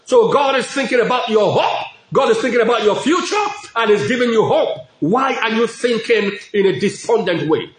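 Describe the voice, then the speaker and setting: A middle-aged man preaches in a notably high voice, hammering each point through repetition and shouts of praise. The sound carries a roomy echo. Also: expressive, normal speed, few pauses. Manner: emphatic, repetitive preaching with frequent praise interjections. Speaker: pastor. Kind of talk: sermon. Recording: echoey room.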